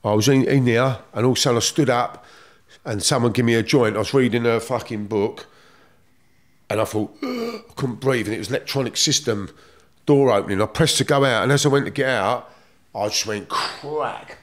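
A man's voice: medium pitch, expressive, normal speed. A middle-aged man with a London accent, telling stories from his past in blunt, streetwise slang, swearing freely. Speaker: guest. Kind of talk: casual storytelling.

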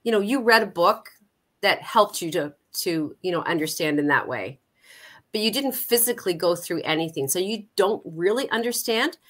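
A middle-aged woman from Canada talks as an interview guest, sharing a personal story in a candid, unpolished way. Her voice sits slightly low yet sounds bright and forward, and she often backs up and restarts her sentences. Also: expressive, normal speed. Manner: candid, personal storytelling with frequent self-corrections. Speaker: guest, Alzheimer's support coordinator. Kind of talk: conversational interview.

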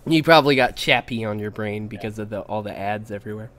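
A man's voice: on the low side, fast, fairly bright tone, a little hiss or hum. A young man hosting a casual podcast, rambling and giggling at himself as he talks. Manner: giggly, rambling, self-mocking. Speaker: podcast host.

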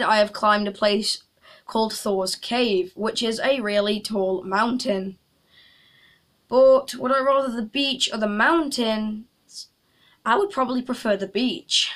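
A woman's voice: on the high side, a bit bright. A young woman chatting casually in a vlog, making jokey asides to viewers. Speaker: YouTuber.

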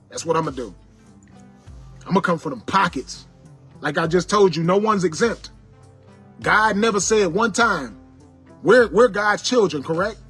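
An internet personality angrily lectures his viewers in a high, bright, forceful voice with a breathy edge. His monologue is preachy and repetitive, hammering his warnings like a sermon.

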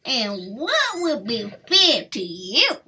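Lady doing a loud raccoon boss, high and shouty, bragging. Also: wildly swooping pitch, slow, slightly rough, exaggerated voice. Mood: mocking. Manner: loud, swaggering, laughing coarsely. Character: boastful male raccoon pirate leader, coarse rogue.

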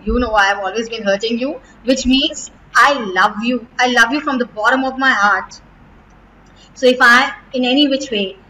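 A middle-aged woman with an Indian English accent, a school principal giving a heartfelt farewell to graduating students, emotional and close to tears, often pausing and restarting. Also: on the high side, bright, forceful tone, slight background noise, low-quality recording. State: near tears.

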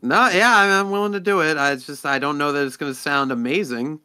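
A man with a very bright, forward voice chatting on a casual podcast. He rambles along with plenty of "like" and lets his thoughts run on. His pitch sits a touch higher than most men's. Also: a little fast, clean tone. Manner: rambling, animated, trailing off with "like". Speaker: podcast co-host. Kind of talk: casual chat.

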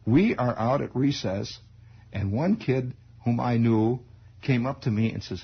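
A man's voice: medium pitch, a little slow, gravelly, breathy edge. A man in his forties from the United States, telling a rambling story as a radio host and laughing at his own tale. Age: 40s. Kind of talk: improvised radio monologue. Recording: dull old radio broadcast.

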